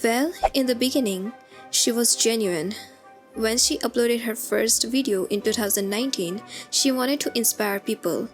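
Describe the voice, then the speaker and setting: Woman doing a chatty commentary voiceover, kinda high voice, faint music under it. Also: moderate pace. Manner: conversational, explanatory. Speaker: commentary narrator. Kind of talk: scripted voice-over commentary.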